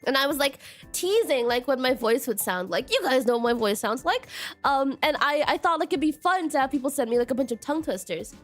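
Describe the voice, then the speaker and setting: A high, lively woman's voice on a casual live stream, giggling and laughing at herself as she trips over tricky words. Her pitch swoops up and down all the time, and faint music plays behind her. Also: fairly quick. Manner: giggly, self-deprecating, stumbles over words.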